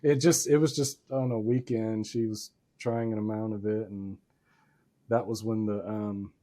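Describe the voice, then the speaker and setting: Mellow-voiced man, rambling guest. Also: lowish voice, fairly even intonation, measured pace. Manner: rambling, self-deprecating. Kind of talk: casual conversation.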